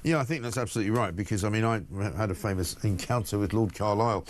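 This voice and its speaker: A man hosting a live morning talk radio show, chatty and brisk, reading out listener messages and introducing a guest. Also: fairly low pitch.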